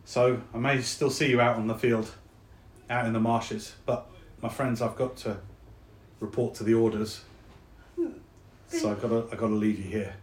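A man voicing a warm-hearted soldier friend with a South London accent, speaking low and soft. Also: fairly even intonation, normal speed, long pauses, echoey room, natural voice. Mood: earnest.

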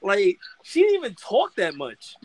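A man co-hosting a casual wrestling podcast, ranting in an animated, profane, indignant way. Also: high voice, normal speed, no room sound. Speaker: podcast co-host.

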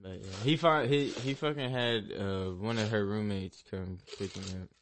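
A young man co-hosting a podcast, telling animated stories in casual chat and swearing freely. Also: on the low side, moderate pace, a little hiss or hum. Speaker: podcast co-host.

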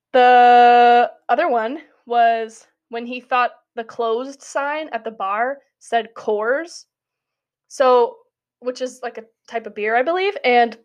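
Chatty young woman with a higher voice. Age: young adult. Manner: chatty, giggly, full of "like" fillers. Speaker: student giving a spoken essay. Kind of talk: casual monologue.

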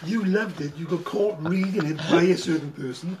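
A man's voice: on the high side, moderate pace, distant mic, heavy background noise. A man co-hosting a casual podcast, teasing and heckling his friends. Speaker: podcast co-host.

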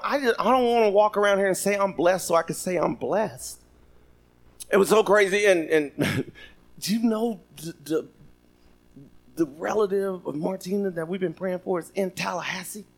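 A man's voice: high-pitched, moderate pace, creaky. A man preaching a sermon, reading scripture and joking with the congregation. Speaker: pastor. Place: church sanctuary.

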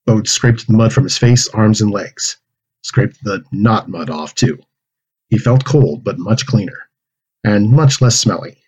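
A man reading a children's story aloud with expressive delivery, acting out character lines and pig oinks. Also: on the low side, measured pace, slightly rough, poor audio. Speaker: narrator reading a manuscript aloud.

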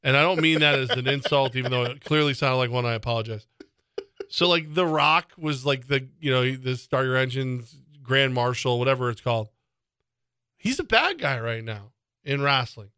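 Bright-voiced rambling middle-aged man. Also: medium pitch, expressive, normal speed, clean tone, no echo, clean studio sound. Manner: rambling, self-interrupting storyteller. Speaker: radio sports talk host. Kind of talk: casual sports talk.

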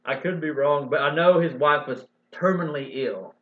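A man's voice: a little high, moderate pace. A man co-hosting a podcast in casual chat, speaking thoughtfully and hedging his words. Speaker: podcast co-host. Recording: echoey, dull lo-fi room audio.

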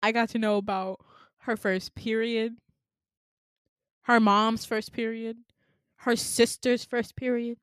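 A woman's voice: a little high, dry recording, studio quality. Chatty young woman telling a dream. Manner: chatty, laughs often, swears casually, acts out quoted voices. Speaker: podcast co-host. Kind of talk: casual storytelling of a dream.

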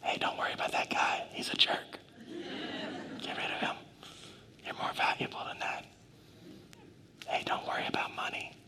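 A man's voice: moderate pace, long pauses. A man whispering as a tender fatherly God. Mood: tender reassuring. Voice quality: soft breathy whisper. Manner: gentle and reassuring. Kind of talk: whispered role-play.

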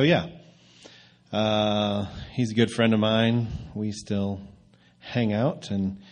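A man's voice: lowish voice, a little mellow. A man leading a service who introduces the guest speaker in a hesitant way, with many fillers. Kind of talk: casual introduction.

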